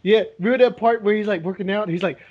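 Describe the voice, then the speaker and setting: A man with a high, husky voice co-hosts a podcast in loose casual chat. He rambles, swears freely and breaks into laughter, and the recording sounds dull and lo-fi. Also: fast talker, darkish tone. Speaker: podcast co-host.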